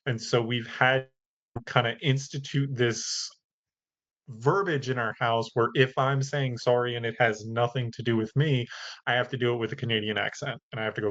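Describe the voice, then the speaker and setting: This podcast host rambles thoughtfully through a casual conversation, laughing lightly now and then. His mid-range voice holds a steady tone, runs a little slow, and sounds fairly bright. The recording is slightly dull and lo-fi.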